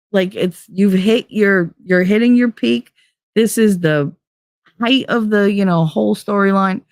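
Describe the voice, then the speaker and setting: A middle-aged woman hosting a live show, chatting casually in a blunt, profane, animated way. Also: mid-range voice, dry recording, clean studio sound. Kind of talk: casual chat on a live stream.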